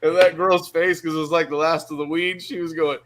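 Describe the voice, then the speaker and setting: A man's voice: on the high side, flat delivery, a little fast, a bit bright, rough recording. A middle-aged man from Michigan, telling a story in casual podcast chat, swearing and laughing hard through it. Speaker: podcast guest.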